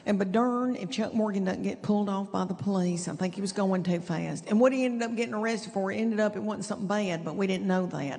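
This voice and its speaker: A woman's voice: medium pitch, creaky, warm tone. A middle-aged woman from East Tennessee with a Southern accent, telling chatty stand-up stories and drawing out her punchlines. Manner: folksy, chatty, drawn-out punchlines. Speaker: stand-up comedian. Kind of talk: stand-up storytelling. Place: theater stage with audience. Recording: live stage mic in a reverberant hall.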